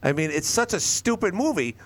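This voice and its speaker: A man hosting a call-in radio talk show, rambling and animated as he acts out lines from shows. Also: high-pitched, brisk.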